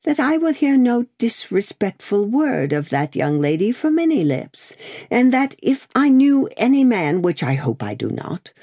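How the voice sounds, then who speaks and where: A woman's voice: a little high, sing-song, measured pace, dark tone, pitched above the performer's own voice, heavily acted. A woman voicing a fussy, mild older male bank clerk who speaks cautiously, politely and precisely, as a character in an audiobook. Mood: polite, firm.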